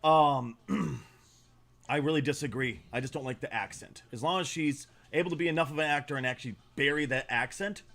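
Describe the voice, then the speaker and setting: A man hosts a casual livestream and reacts to clips in a blunt, opinionated way, swearing freely. His voice sits a little high for a man. He often stalls mid-sentence while hunting for a name. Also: brisk, a bit bright. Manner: trails off searching for names. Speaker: livestream host.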